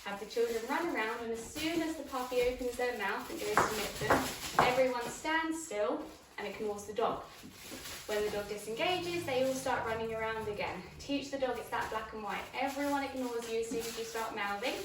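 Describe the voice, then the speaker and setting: A woman's voice: on the high side, normal speed. Woman training a puppy, echoey room. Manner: clear, practical instructions while playing with a puppy. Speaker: dog trainer. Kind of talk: instructional demonstration. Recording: echoey room, voice from a distance, background noise.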